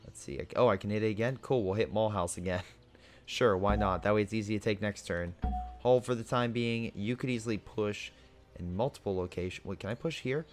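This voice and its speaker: A young man with a fairly low voice talks through his strategy game in a relaxed, casual way, thinking aloud as he orders units around. Game music plays clearly behind him. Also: a little fast. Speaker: gaming video host. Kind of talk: casual gameplay commentary.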